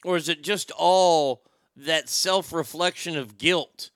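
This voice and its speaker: A man's voice: on the high side, slow, fairly bright tone, smooth, dry recording, studio quality. A man hosting a talk show, ranting bluntly and profanely, with frequent stammered restarts. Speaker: show host. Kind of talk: opinionated talk show rant.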